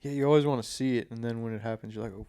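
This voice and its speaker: A man's voice: medium pitch, steady tone, racing, warm tone, clean tone, dry recording. A man chatting on a podcast, reacting casually and swearing often.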